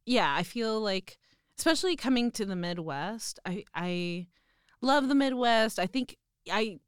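A young woman with a Texan accent talks in a relaxed, self-deprecating way and laughs often. Her voice is smooth and clear. The recording is close and dry. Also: a little high, measured pace, no echo. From Texas. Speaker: guest. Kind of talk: casual chat.

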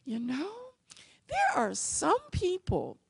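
A woman voicing her cheerful, gentle mother with a sing-song, coaxing manner. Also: sits high, wildly swooping pitch, slow pace, creaky, dry recording, studio quality, voice pushed up, full character voice. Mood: sweetly cheerful. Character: cheerful, gentle singing mother, sunny and sweet.

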